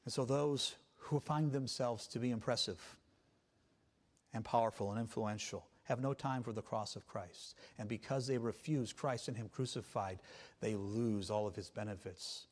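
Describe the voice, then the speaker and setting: A man preaching a Sunday sermon as pastor, emphatic and swinging between quiet passages and loud ones. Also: medium pitch, fairly even intonation, normal speed.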